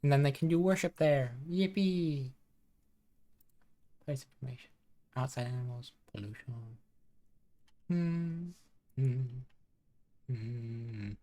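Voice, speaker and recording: A woman with a low, soft voice chats her way through a live game stream. She talks loosely and warmly to her chat, reading their messages aloud into a desk microphone. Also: a little slow, pauses often. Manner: chatty, soft-spoken, reads chat aloud. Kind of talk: casual live gaming chat.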